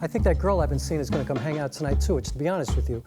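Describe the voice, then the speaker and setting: A man's voice: fairly high pitch, rapid-fire, lightly acted. An actor in his thirties playing Jamal, a brash young man who swears constantly in scripted drama dialogue. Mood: defensive. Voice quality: profane, streetwise banter. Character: brash, crude young man, Saint's buddy. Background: music.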